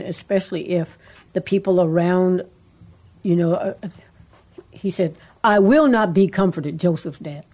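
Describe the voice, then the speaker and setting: A woman co-hosting a casual faith talk show, rambling and earnest, trailing off into soft asides. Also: fairly low pitch, slightly rough. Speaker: co-host.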